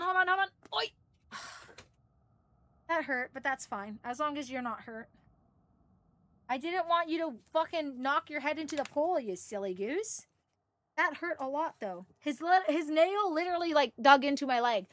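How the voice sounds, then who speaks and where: Woman streamer, bright and high, dry close mic, excitable and profane. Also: moderate pace, dry recording. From Canada. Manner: excitable, swears, laughs often, coos at her dogs. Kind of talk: casual livestream gaming chat.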